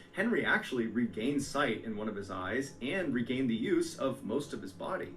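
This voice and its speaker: A man reading a scripted true story in a steady, measured storytelling voice. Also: mid-range voice. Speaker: video narrator.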